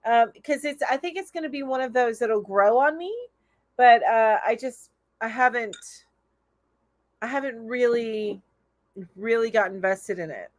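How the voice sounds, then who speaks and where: A woman's voice: a little high, measured pace, no room sound. A woman hosting a casual live stream, chatty and enthusiastic, reading out viewer comments and laughing often. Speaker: host of a live crochet chat show.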